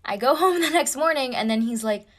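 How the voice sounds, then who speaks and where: A woman's voice: high voice, animated, fairly quick, fairly bright tone. A young woman telling a personal story in a casual, breathless and dramatic way.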